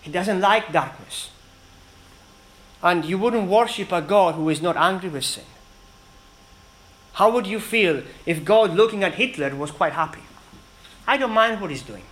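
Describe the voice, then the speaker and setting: A man preaching a sermon in an earnest, emphatic way, with dramatic pauses between phrases. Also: high-pitched, a bit bright, rough recording.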